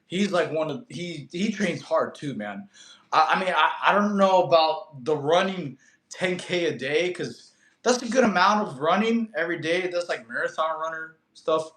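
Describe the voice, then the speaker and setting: Young male fitness streamer, raised in Russia, rambling and slangy, fairly high voice, echoey room sound. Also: lively intonation, normal speed, a bit bright. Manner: loose, slangy, many fillers and restarts. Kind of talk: casual live-stream chat reading viewer questions.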